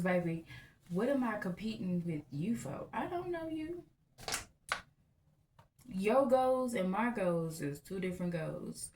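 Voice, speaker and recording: A woman's voice: on the low side, slight background noise. Blunt, profane woman in her thirties. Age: 30s. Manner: blunt, profane, animated storytelling. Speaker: vlogger. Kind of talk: candid storytelling to camera.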